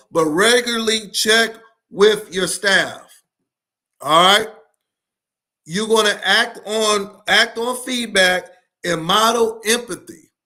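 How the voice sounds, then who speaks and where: A man speaks with passion and insistence, hammering his points home by repeating them. His voice sits high for a man and rings bright and forceful. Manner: emphatic, repeats key points. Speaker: education speaker. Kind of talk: passionate solo talk to camera.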